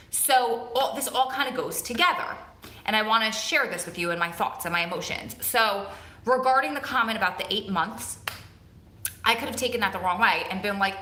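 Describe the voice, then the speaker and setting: A woman's voice: mid-range voice, moderate pace, pushed and bright. Chatty woman with a strong Jersey–Long Island accent. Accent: New Jersey and Long Island. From Long Island, New York. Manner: chatty, rambling, repeats words for emphasis. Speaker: vlogger on a live stream. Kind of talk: casual live-stream chat. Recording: echoey room.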